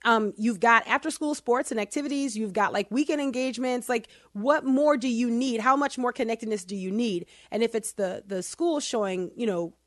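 A woman hosting a podcast, talking through survey data with sarcastic asides, speeding up and then slowing down for emphasis. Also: a little high, no echo, clean studio sound. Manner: animated, sarcastic asides, quick bursts then slow emphasis. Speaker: podcast host. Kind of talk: casual opinion podcast talk.

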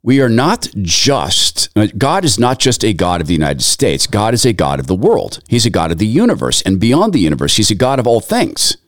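A man delivers sermon-like commentary, earnest and steady as he strings scripture into long lists. His voice sits low yet swings with lively intonation. The sound is dry and close. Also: moderate pace, hardly any pauses, no echo. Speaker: Christian commentator.

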